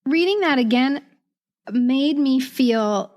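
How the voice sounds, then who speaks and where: Bright-voiced woman in her fifties, podcast co-host. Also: high-pitched, expressive, slow pace. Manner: laughs easily, reads old letters aloud with feeling. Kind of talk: casual podcast chat.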